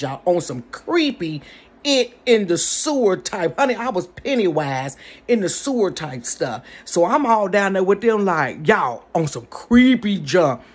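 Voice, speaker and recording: A woman telling a story in a casual storytime vlog from her bedroom, animated and chatty, talking straight to her viewers. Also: lowish voice, husky. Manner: animated, chatty, addresses the audience directly.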